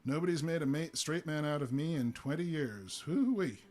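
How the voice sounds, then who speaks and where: A man's voice: fairly high pitch, lively intonation, normal speed, a little mellow. A man reading a story aloud and voicing a portly, jovial older doctor who tells jokes with a straight face. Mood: hearty. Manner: droll, then hearty. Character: portly jovial old male doctor, punster.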